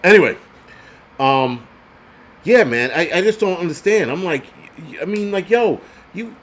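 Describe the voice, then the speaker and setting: A man's voice: high-pitched, animated, unhurried. Angry, foul-mouthed man ranting. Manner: angry, profane, heated ranting; repeats and restarts words when worked up. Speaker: host of a prepping channel. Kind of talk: livestream rant.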